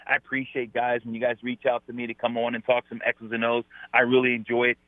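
A man's voice: medium pitch, completely flat delivery, quick pace, no echo. A man, a former pro football player, talking emphatically as a guest on a sports radio show over the phone, repeating his points. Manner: emphatic, repeats "I tell you". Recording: tinny phone line.

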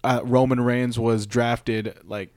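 A man co-hosting a casual podcast, recapping a show in an animated, rambling way and swearing freely. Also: mid-range voice, takes it slowly, dry recording. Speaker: podcast co-host.

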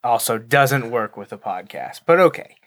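A man co-hosting a casual podcast. He speaks with careful, deliberate enunciation and a dry, self-deprecating humor. His pitch sits in a middle register. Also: expressive, a bit bright. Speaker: podcast co-host. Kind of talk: casual chat.

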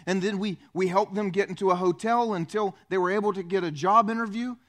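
A man pastor preaching a sermon, animated and acting out the voices he quotes. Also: high-pitched, brisk.

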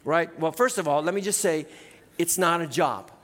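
A middle-aged male pastor preaching in a church, in a relaxed conversational way, often tagging "right?" onto his points. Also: fairly high pitch, moderate pace, in a large hall. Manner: conversational, keeps adding "right?". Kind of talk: sermon. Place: church sanctuary.

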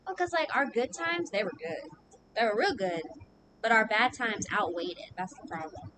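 A young woman co-hosting a casual chat, telling stories in an animated way, swearing freely and laughing often. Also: fairly high pitch, normal speed, noisy background. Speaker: podcast co-host.

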